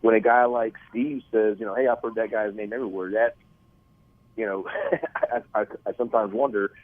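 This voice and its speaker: A middle-aged man with a Texan accent, a wrestling promoter telling animated stories in a phone interview, repeating words as he goes. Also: lowish voice, moderate pace, dry recording. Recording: tinny dry phone line.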